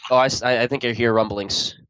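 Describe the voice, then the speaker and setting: A man's voice: medium pitch, fairly even intonation, fast, fairly bright tone, clear, resonant tone, dry recording, low-quality recording. A man hosting a casual podcast, joking and rambling, swearing now and then. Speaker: podcast host.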